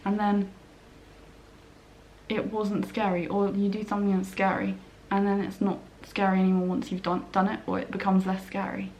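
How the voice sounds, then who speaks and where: Chatting at the dining room table at home, this young vlogger speaks in a monotone mid-range voice with a darkish tone at normal speed, over a slight hiss or hum. Her talk wanders, heavy on "like," with her inner voices quoted aloud.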